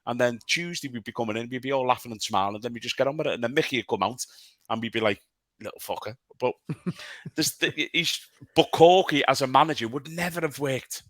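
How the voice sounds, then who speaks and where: A man who used to play professionally tells long, sweary stories. His pitch sits in the middle for a man. The recording is close and dry. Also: brisk, a bit bright, dry recording. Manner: swearing, rambling anecdotes. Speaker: podcast co-host, former player. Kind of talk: casual chat.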